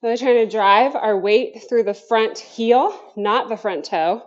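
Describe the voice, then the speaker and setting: A woman's voice: fairly high pitch, unhurried, dull audio. A woman coaching a home workout class, counting down cues and chatting between sets while out of breath. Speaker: fitness instructor. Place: home basement.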